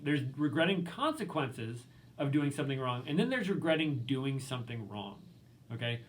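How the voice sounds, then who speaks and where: A man's voice: fairly high pitch, lively intonation, moderate pace. A male literature professor giving a recorded lecture in a casual, conversational way, full of ums and likes, reading quotes aloud.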